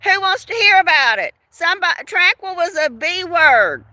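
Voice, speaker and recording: A woman's voice: very high voice, very animated, moderate pace, pushed and bright, no echo. An older woman hosting a casual livestream, chatting in a gossipy way, laughing often and asking her viewers questions. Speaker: livestream host. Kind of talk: casual live chat.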